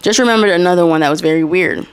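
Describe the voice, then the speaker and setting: A woman's voice: lowish voice, rapid-fire, clear, resonant tone. A young adult woman hosting a casual solo podcast, reading posts aloud and laughing between them. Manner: chatty, reads posts aloud with laughing asides. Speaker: podcast host.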